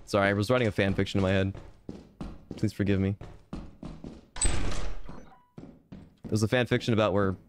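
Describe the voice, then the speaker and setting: A man's voice: lowish voice, steady tone, moderate pace, pauses often, background noise. A man streaming a game, rambling through casual commentary with playful, self-mocking jokes, with piano game music behind him.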